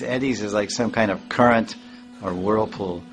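A man teaching a devotional scripture class, halting and repeating words, chuckling often and reciting verses with rising emphasis. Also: fairly low pitch, rough recording. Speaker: spiritual teacher.

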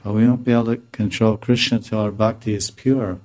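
A man speaking as a spiritual teacher, answering a question in a relaxed, conversational discourse and often stopping to correct himself. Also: on the low side, brisk. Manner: conversational, self-correcting, chuckling now and then.

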